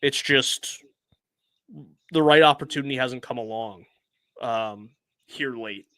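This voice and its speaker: A man's voice: medium pitch, slow pace, a bit bright, clear, resonant tone, dry recording. A man co-hosting a sports podcast, talking in a reflective, easygoing way with fillers. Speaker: podcast co-host. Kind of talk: casual podcast chat.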